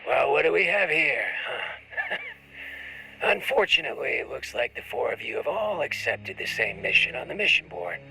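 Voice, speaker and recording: A man's voice: a little high, wildly swooping pitch, normal speed, vocal fry, over music, heavily acted, poor audio. A man voicing a grizzled male huntsman who gives a wry, drawling mission briefing heard through a ship's speakers. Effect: played through ship speakers.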